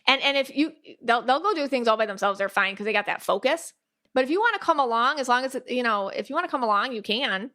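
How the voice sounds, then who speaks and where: A woman hosting a podcast, talking in a chatty, animated way with lots of fillers and playful quoted asides. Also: a little high, quick pace. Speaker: podcast host. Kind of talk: casual podcast monologue.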